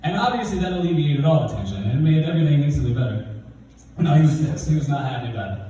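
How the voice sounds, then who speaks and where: Animated young man doing stand-up in a hall. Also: fast talker, a little hiss or hum. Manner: animated, jumps into high and low voices for quoted characters. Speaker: stand-up comedian. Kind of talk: stand-up storytelling. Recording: roomy hall, mic from a distance.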